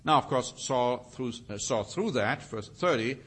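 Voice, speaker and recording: A man's voice: medium pitch, animated, unhurried, breathy edge. Man preaching a Bible sermon. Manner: reads scripture aloud with rising emphasis, then comments.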